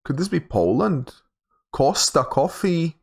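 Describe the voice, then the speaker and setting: A man's voice: on the high side, sing-song, slow pace, gravelly, husky. A young man giving casual commentary while he plays a geography guessing game, thinking aloud with hesitant, repeated words. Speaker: game streamer.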